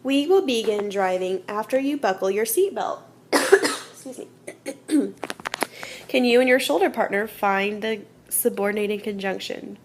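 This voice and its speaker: Speaking a little slowly at medium pitch, a woman teaches young kids grammar, with slight background noise present. She's patient, works through it step by step, and frequently asks "okay?".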